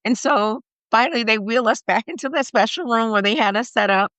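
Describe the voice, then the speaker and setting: A woman in her forties, a podcast guest, retelling a personal story in a halting, emotional way with many fillers. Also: a little high, a bit bright, no room sound. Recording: slightly muffled dry recording.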